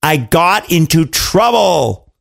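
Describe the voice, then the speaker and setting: A man plays a greedy fairy-tale king who wails and yelps over his troubles. The voice leaps high and swoops about with a gravelly crackle. It's broad, melodramatic storybook acting. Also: very animated, slow, full character voice. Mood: exasperated. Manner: wailing, yelping in pain, dramatic. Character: greedy king in pain and despair, adult man.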